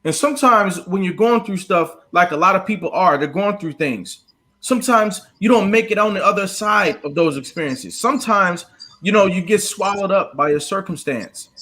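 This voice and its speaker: A male interview host with a high, sharp, forceful voice. He speaks with lively energy, calling on the audience to join in and share. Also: moderate pace. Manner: energetic, urges viewers to engage. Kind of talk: interview show.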